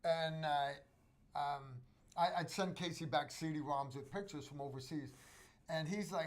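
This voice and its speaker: A man's voice: a little high, measured pace. An American man hosting a livestream, telling a rambling story with frequent restarts and fillers. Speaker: host.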